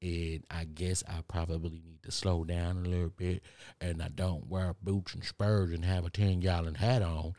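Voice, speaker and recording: Texan male podcast host, low and gravelly, preachy and repetitive, dry sound. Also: level tone, moderate pace, mellow, no room sound. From Texas. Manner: rambling, repeats phrases, preachy. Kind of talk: motivational monologue. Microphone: studio microphone.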